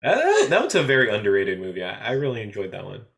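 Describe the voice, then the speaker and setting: A man's voice: on the low side, huge pitch swings, quick pace, gravelly, fairly bright tone. A man hosting a podcast in casual chat, hesitant, with many "uh" and "you know" fillers. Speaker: podcast host.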